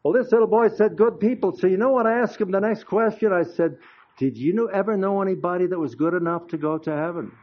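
A man's voice: sits high, fast talker. An older man preaching in a folksy, chatty way, telling anecdotes with frequent asides to the congregation. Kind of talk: folksy storytelling sermon. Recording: dull lo-fi recording.

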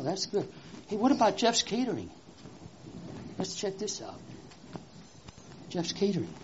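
A preacher giving a children's sermon with an object lesson, speaking in an animated, exclamatory way and asking the children questions. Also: medium pitch, dull audio, a little hiss or hum.

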